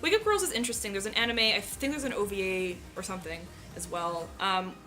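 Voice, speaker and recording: This chatty co-host from the Maritimes in Canada talks fast in a sharp, mid-range voice, joking around and dropping plenty of "like"s. It's a casual Q&A conversation with music playing underneath.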